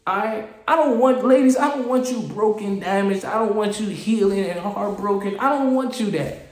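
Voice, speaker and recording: A man hosting a solo podcast, ranting in an animated, exasperated way and often repeating and restarting his phrases. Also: high-pitched, normal speed, roomy sound. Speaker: podcast host. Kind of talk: casual solo podcast rant.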